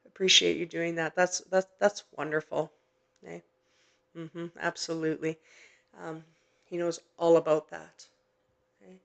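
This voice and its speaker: Soft-spoken, earnest woman medium host. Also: deep voice, level tone, a little slow, creaky, long pauses. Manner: gentle, earnest, many hesitant fillers; emotionally moved, softly reassuring. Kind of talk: live-streamed spirit reading.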